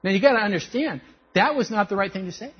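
A pastor with a high, breathy voice preaches fast, telling stories animatedly and acting out the voices of the people he quotes. The recording is dull and lo-fi.

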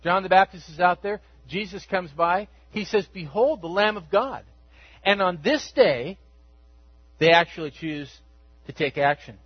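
High-voiced, husky male preacher. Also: unhurried, no room sound, lo-fi sound. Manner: conversational storytelling, acts out quotes. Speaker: pastor. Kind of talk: sermon.

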